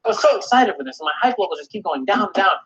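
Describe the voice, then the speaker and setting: Husky man in a profane rant. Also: high-pitched, rapid-fire. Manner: animated, cursing, repeats himself and mimics others. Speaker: video game commentator. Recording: dull lo-fi audio.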